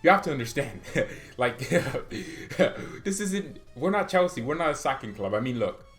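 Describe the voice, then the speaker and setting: A man hosting a casual football fan vlog, arguing his points with a jokey, needling edge. His voice swings widely in pitch as he gets worked up. Faint music sits underneath. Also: measured pace. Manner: animated, argumentative, jokey. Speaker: football fan channel host.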